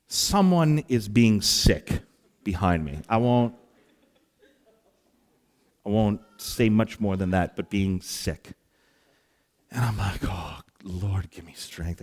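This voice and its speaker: Animated man preaching a story-driven sermon. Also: mid-range voice. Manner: animated storyteller, acts out exasperated sighs and asides. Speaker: pastor.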